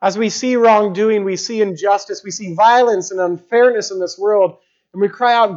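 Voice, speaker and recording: High-voiced man preaching earnestly. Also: a little mellow, muffled recording. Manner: earnest, emphatic preaching with slow dramatic pauses. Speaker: pastor. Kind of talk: sermon.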